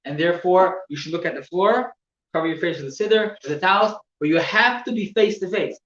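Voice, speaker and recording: Guy explaining rules to a class, kinda high voice, stops and repeats words, echoey room, dull recording. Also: fairly bright tone. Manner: halting, repeats words, shows gestures. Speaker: teacher. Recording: echoey room, distant mic, dull sound with faint noise.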